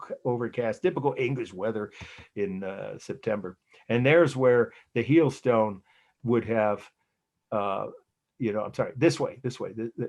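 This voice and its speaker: This older man's voice is fairly low, creaky and husky, with a somewhat mellow quality. Speaking with an American accent, he rambles through an anecdotal art history lecture, stumbling over fillers and restarting sentences.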